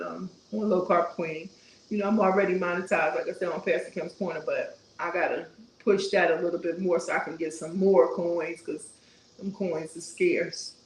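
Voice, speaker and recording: A chatty woman in her sixties talks through a casual live stream, answering viewer comments one after another. Her voice has a gravelly edge at mid pitch. The sound is roomy, with a noticeable echo. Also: slight background noise. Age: 60s. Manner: chatty, warm churchy asides, reads viewer comments aloud. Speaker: YouTube host reading live chat.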